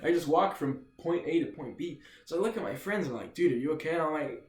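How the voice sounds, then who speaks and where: A man's voice: a little high, lively intonation, a little fast, soft background music. A young man telling a rambling, profane story in a casual storytime video, tossing in "dude" constantly. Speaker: vlogger. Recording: echoey room.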